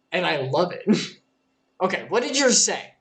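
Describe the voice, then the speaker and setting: A woman's voice: fairly low pitch, fairly bright tone. A woman co-hosting a game stream in casual chat, laughing easily and explaining the story at length. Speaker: co-host and player of a game stream.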